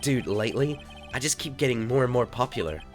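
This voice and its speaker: A man's voice: medium pitch, animated, a little fast, faint music behind, voice pushed up, natural voice. A man voicing a laid-back, vain male TV star in a game reading, with a drawling surfer-dude way of talking. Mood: boastful.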